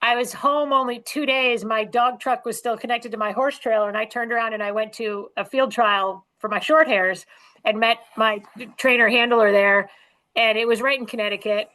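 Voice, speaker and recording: A woman guest on a podcast, telling quick, animated anecdotes in casual conversation. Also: a little high, poor audio. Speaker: guest author and dog trainer. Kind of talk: casual storytelling chat.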